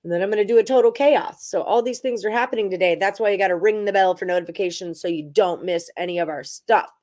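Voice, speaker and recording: A woman's voice: medium pitch, fast talker, darkish tone. A woman hosting a casual sports betting livestream, rattling off odds and percentages and chatting with viewers. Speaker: sports betting show host. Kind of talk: casual livestream chat about betting picks.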